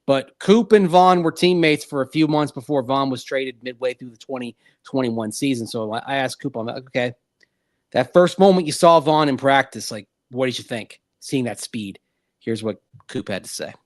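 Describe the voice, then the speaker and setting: A male sports radio co-host speaks at an average pitch into a dry, close studio mic. His talk is animated and rambling, full of restarts as he chases a thought. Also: moderate pace, no echo.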